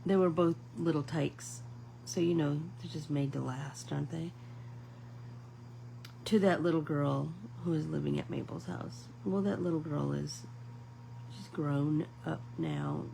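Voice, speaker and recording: A woman's voice: sits low, animated, unhurried, gravelly, dark tone, slight background noise, low-quality recording. A middle-aged woman hosting a casual live painting class, chatting to viewers like friends and rambling through stories. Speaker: art class host.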